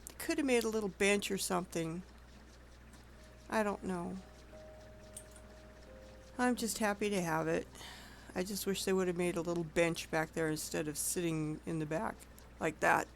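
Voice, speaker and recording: A woman's voice: lowish voice, steady tone, normal speed, vocal fry, long pauses, soft background music. A woman streaming an online game, chatting casually and rambling with frequent self-corrections. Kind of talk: casual gameplay commentary.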